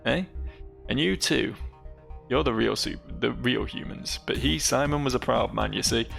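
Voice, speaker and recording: Brief: a man voicing a sly reformed crime boss, very gravelly, folksy and low-key, game dialogue read aloud. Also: moderate pace, a bit bright, faint music behind. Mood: brooding. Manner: rough folksy speech, reading dialogue aloud. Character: sly repentant male gang boss.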